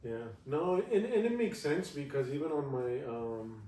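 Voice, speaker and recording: A man's voice: medium pitch, sing-song, moderate pace, mellow. A man hosting a casual interview, giving short backchannels and hesitant remarks. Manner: brief backchannels, hesitant with fillers. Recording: roomy, distant mic, faint noise.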